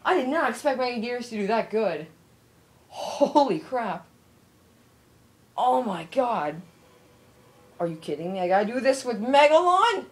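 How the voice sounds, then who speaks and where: A woman giving casual, excitable commentary over her own gameplay, yelping, shouting and swearing at the screen. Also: on the high side, unhurried, pauses often. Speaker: let's play gamer.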